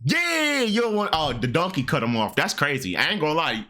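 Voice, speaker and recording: A man in his early twenties streaming, reacting loudly and mockingly to a sports talk clip. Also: big pitch swings, quick pace, noisy background. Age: 20s. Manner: loud, mocking, with jumps into high falsetto bits. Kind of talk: reaction commentary.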